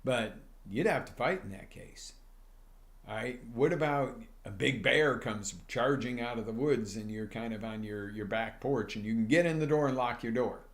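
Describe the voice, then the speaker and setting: A male life coach giving an energetic motivational talk on a live stream, speaking straight to his viewers and acting out little scenes. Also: medium pitch, normal speed.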